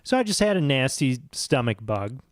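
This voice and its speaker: An American man in his thirties, chatting casually on a podcast and swearing freely as he rambles through his stories. His voice sits at an ordinary middle pitch and is recorded dry and close, with no room echo. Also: big pitch swings, normal speed. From United States. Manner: profane, rambling storyteller. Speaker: podcast co-host. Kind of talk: casual chat.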